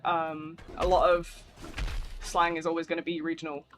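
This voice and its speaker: A man's voice: on the high side, monotone, moderate pace, a bit bright. A man with a northern English accent and a thick voice, live streaming a game in a rambling, slangy, casual chat with viewers. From northern England.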